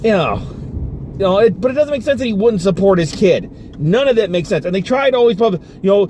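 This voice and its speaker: A man's voice: high voice, sing-song, a little fast, darkish tone, slight background noise. A man giving a casual spoken movie review from inside a car, ranting with exasperation and swearing freely. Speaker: film reviewer.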